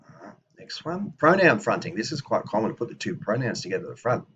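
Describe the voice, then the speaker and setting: A man with a very low voice explains grammar in a relaxed teaching manner. He often restarts his sentences as he thinks aloud and slows down to spell out each example phrase. A faint hiss runs under the recording. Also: highs cut off. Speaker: language teacher. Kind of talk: explanatory lesson.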